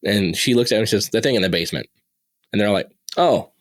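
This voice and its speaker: Young male podcast guest, low voice, dry close sound, casual animated storytelling. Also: fast talker, no room sound. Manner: animated, rising in pitch at tense moments.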